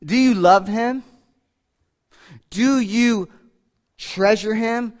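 A pastor preaching a sermon, emphatic, often dropping to a hush and asking the congregation direct questions. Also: male voice, sits high, extremely slow. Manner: emphatic preaching, swings from loud to hushed.

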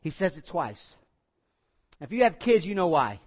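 A man preaching with a notably high voice, dropping to near-whispers and then swelling loud. He is emphatic and repeats himself, talking to the congregation like a conversation. The recording is dull and lo-fi. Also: very animated, normal speed. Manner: emphatic, repetitive, swings from hushed to loud; conversational, asks the congregation questions. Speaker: pastor. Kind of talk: sermon.

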